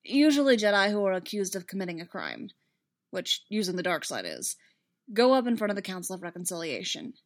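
A woman's voice: mid-range voice, very animated, a little fast. A woman voicing a grim, tense male Jedi knight. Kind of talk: fan fiction read aloud.

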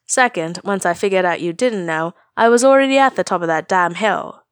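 A woman voicing an aging male smuggler, gruff and sarcastic, griping loudly at everyone around him. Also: on the low side, a little fast, no room sound, studio quality, natural voice. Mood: exasperated. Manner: sarcastic, complaining, loud.

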